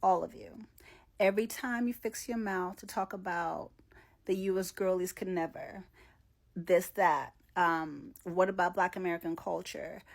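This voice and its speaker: Gravelly woman scolding her viewers. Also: on the low side, a little slow. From Nigeria. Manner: opinionated, scolding, with sighs and laughs. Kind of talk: commentary video.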